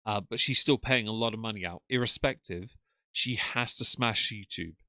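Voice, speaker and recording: A man's voice: on the low side, normal speed, sharp tone, no room sound, clean studio sound. A man hosting a casual live stream, chatting and thanking viewers for their messages. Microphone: desk mic with headphones.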